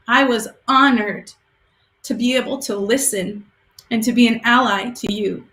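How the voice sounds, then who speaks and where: High-voiced emotional youth minister woman. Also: fairly bright tone, reverberant. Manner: emotional, affectionate, tearful at times. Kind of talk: heartfelt blessing speech.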